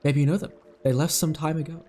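A man voicing a weary, kindly old female machine mind, reading her game dialogue aloud in a soft, slow way. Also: a little high, fairly even intonation, natural voice.

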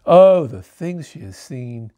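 A man reading a storybook aloud in a lively, up-and-down voice, a bit higher than most men. He drops in dry, joking asides between passages. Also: slow. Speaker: storybook reader. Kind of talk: reading a picture book aloud.

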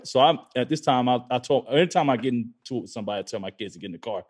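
A man co-hosting a podcast in loose, casual chat. He tells his story with plenty of cursing and acts out each person's lines. His voice sits at an everyday middle pitch. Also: very fast, hardly any pauses, slightly rough. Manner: animated, profane, acts out quoted lines. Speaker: podcast co-host.

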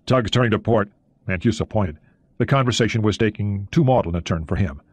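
Male audiobook narrator, low voice, steady, dry close sound. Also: fairly quick, breathy edge, dry recording. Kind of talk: audiobook reading.

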